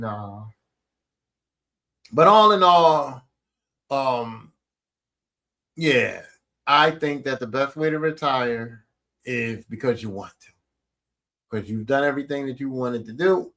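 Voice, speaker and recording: A man's voice: mid-range voice, normal speed, bright, forceful tone. A middle-aged man hosting his own podcast, talking in a blunt, rambling way and swearing casually. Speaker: podcast host. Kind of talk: casual solo podcast monologue.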